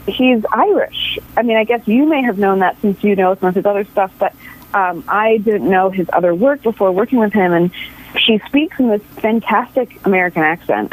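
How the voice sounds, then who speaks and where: A woman's voice: medium pitch, rough recording. A woman in her thirties from New York City, an actress chatting as a radio interview guest, laughing often and restarting her sentences. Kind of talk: casual interview chat.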